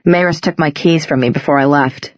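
A woman's voice: low voice, steady tone, fairly quick, darkish tone, dry recording, close to an everyday voice. A woman reading an audiobook, voicing a sardonic, defiant young man with a dry, sarcastic delivery, in a slightly dull recording.

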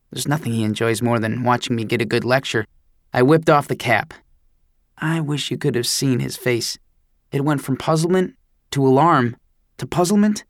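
Homem narrando com humor seco. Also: male voice, mid-range voice, no echo, clean studio sound. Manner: wry, self-deprecating storytelling. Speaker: audiobook narrator. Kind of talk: first-person audiobook narration.

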